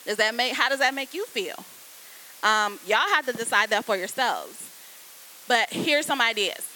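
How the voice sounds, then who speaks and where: A woman speaking to a class of students as a guest copywriter, in a lively, casual, conversational way, turning often to address them directly. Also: on the high side, normal speed, a little hiss or hum, low-quality recording.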